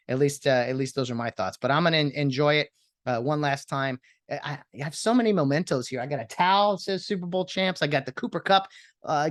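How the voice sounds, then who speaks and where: A man hosting a casual solo podcast, rambling and getting excitable as a sports fan. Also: on the high side, dry recording, studio quality. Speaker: podcast host.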